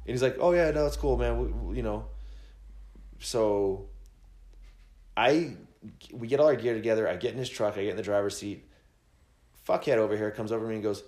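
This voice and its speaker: Low-voiced man telling a profane story. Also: fairly quick, roomy sound. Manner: rambling, swearing, animated quoting of friends. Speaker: podcast host telling a story.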